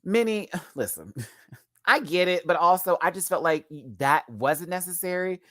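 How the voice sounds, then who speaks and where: Sassy young man chatting, lively pitch. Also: normal speed, no echo, clean studio sound. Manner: sassy, chatty, full of camp slang. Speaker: reality TV reviewer. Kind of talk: casual live-stream chat.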